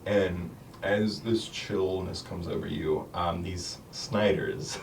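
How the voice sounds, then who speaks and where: A man's voice: low voice, steady tone, slow pace, creaky. Guy game master rambling thru a tabletop scene, lots of ums, far from the mic. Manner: rambling, filler-heavy, laughing often. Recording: distant mic, faint noise.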